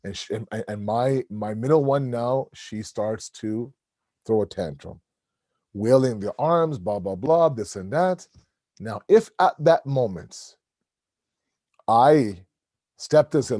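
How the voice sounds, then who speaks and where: A middle-aged man preaching to a congregation in a relaxed, storytelling way, slipping into the voices of his children and the doctor as he goes. His tone is mellow and warm, and the sound is close and dry, with little room echo. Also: medium pitch, measured pace. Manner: storytelling, animated, acts out family dialogue. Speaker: speaker at a religious gathering. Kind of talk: conversational sermon. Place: mosque hall.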